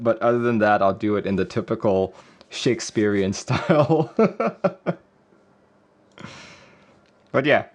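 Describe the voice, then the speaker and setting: A man hosting a casual livestream, rambling and chuckling as he reads viewer messages. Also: mid-range voice. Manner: rambling, chuckling, reading chat aloud. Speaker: livestream host. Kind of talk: casual live-stream chat.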